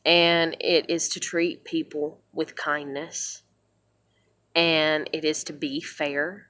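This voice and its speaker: Slow, profane woman ranting to camera. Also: low-pitched, little pitch movement, a bit bright, no echo. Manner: blunt and heavily profane. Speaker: vlogger. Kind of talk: ranting vlog monologue.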